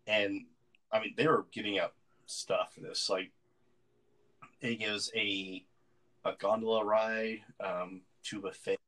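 A man's voice: fairly low pitch, flat delivery, slow pace, pauses often, pushed and bright, rough recording. A man in casual podcast chat, rambling through an anecdote with lots of fillers and restarts. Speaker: podcast co-host.

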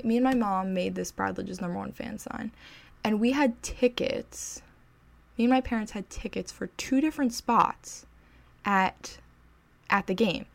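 A young adult woman vlogs casually to the camera, telling a story with the excitement of a fan. Her ordinary mid-range voice carries a gravelly fry, and she's chatty, often poking fun at herself.

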